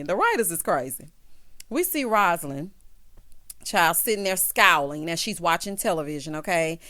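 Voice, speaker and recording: A woman's voice: lowish voice, a bit bright. A woman giving a casual, chatty recap of a TV episode, talking expressively and straight to her viewers. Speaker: TV episode reviewer.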